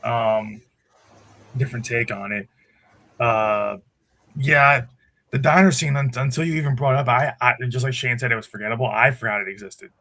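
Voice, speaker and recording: A man talking through a film review on a casual podcast, in a bright, forceful voice at a middling pitch. He rambles and restarts often, opinionated but easygoing. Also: normal speed, slight background noise. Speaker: podcast co-host. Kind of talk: casual movie review chat.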